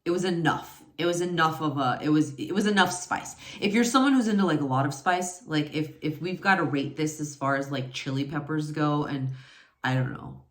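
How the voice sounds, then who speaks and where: In an echoey room, a woman in her forties chats informally about romance novels as a book reviewer. She keeps a low voice and a normal pace, wandering through her thoughts with plenty of fillers and self-corrections.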